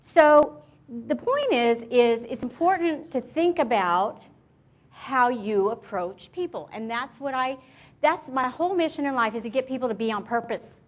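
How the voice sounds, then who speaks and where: Middle-aged woman speaker, slightly high voice, animated storyteller, talks straight to the room. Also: unhurried. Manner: lively, storytelling, addresses the audience directly. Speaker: image consultant and speaker. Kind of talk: motivational presentation to an audience.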